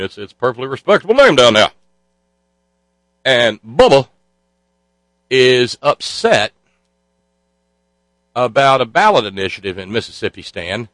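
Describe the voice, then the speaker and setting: Male talk host, lowish pitch, close dry sound; sardonic, rambling commentary. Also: fairly bright tone, no room sound, poor audio. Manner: sarcastic, rambling with many filler sounds. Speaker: radio talk show host.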